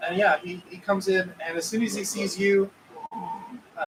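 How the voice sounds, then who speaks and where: A man's voice: high-pitched, flat delivery, moderate pace, recorded from a distance, background noise. Rambling man running a tabletop game. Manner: rambling, searching for words, frequent restarts. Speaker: game master.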